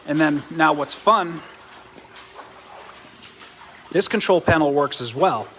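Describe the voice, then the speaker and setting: Beside a swim spa, a man who is a triathlon coach hosts a live demo, talking chattily and correcting himself mid-explanation. He sounds animated and fairly bright, on the high side, at a moderate pace, with slight hiss or hum.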